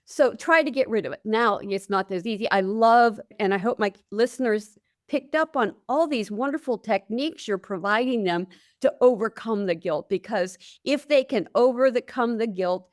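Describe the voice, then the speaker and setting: A woman's voice: a little high, normal speed, no echo, clean studio sound. A woman hosting a caregiving podcast, earnestly explaining with client stories and statistics. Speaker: podcast host, nurse. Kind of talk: interview conversation.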